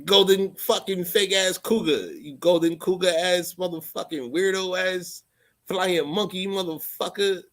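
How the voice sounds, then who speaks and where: This is a man with ranting furiously at people in his livestream chat. He swears constantly, repeats his phrases, and keeps coming back to the same insults. His voice sits a bit on the high side. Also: unhurried, fairly bright tone. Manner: angry, profane, repetitive. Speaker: channel host.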